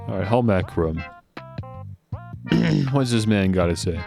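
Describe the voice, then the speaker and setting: A man's voice: low-pitched, lively intonation, slow pace, creaky, long pauses, dark tone, soft background music. A man giving casual, joking commentary while playing a video game. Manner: joking, chatty, laughs a lot. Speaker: let's play gamer.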